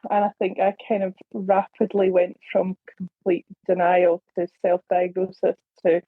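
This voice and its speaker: A woman's voice: fairly low pitch, completely flat delivery, unhurried, no room sound. Candid sweary woman, dull lo-fi sound. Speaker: community member. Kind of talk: casual podcast introduction.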